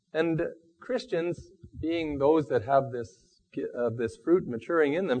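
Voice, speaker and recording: A man giving a sermon in a halting, thoughtful and self-deprecating way. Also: mid-range voice, slightly rough. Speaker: preacher. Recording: dull lo-fi recording.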